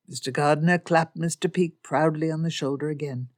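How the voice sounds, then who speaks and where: A woman reading a period romance audiobook in a measured narration style. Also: low-pitched, steady tone, a little mellow. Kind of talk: scripted narration.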